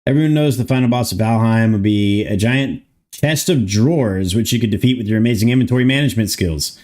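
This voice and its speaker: A man's voice: on the low side, a little fast, darkish tone. A man streaming live, thinking aloud and muttering as he codes, chatting casually and swearing now and then. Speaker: streamer coding a game mod. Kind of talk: casual livestream chat while coding.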